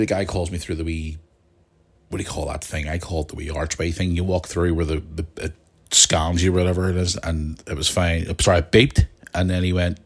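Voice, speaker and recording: Speaking fairly quickly in a low, level voice, a young man hosting a podcast spins a long, meandering story. He restarts plenty of times and keeps turning to his listeners with asides.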